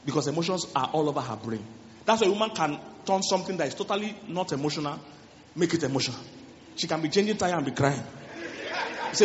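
A Nigerian man preaches in a high, quick voice, animated and jokey, checking whether his listeners follow. The sound is dull and lo-fi, with a long church-hall reverb. A faint hum of the room sits behind him. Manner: animated, jokey, rhetorical questions to the crowd. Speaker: preacher and relationship coach. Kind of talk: sermon.

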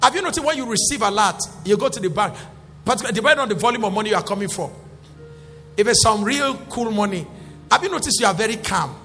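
A male pastor preaching a sermon in call-and-response style, rising to shouts. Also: sits high, animated, fast. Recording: echoey hall with faint music.

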